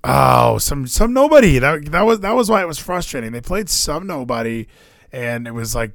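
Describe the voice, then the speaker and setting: A man's voice: mid-range voice, normal speed, creaky, no room sound, clean studio sound. A young man, co-host of a podcast, talking about his football weekend in casual chat, swearing and restarting often. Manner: animated, swears, frequent fillers and restarts.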